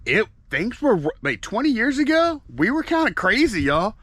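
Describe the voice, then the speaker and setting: A man's voice: extremely high pitch, sing-song, moderate pace, a bit bright. A man chatting casually and rambling while packing orders as co-host of a reselling channel. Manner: rambling, self-interrupting, folksy.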